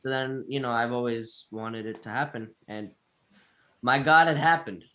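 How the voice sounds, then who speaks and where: A man co-hosting a casual movie review podcast, gushing and excitable, breaking into laughs. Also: mid-range voice, normal speed, a little hiss or hum. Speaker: podcast co-host.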